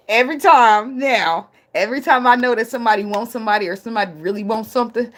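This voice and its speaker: This tarot reader has a highish voice, speaks fairly quickly, and pauses often. Her casual reading is blunt and foul-mouthed, full of laughter, as she talks herself into one tangent after another.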